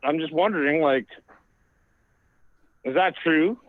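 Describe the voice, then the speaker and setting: A man's voice: on the high side, no echo. A man who rambles and hesitates while he chats on a call. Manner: rambling, halting. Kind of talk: casual chat. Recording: tinny dry phone line.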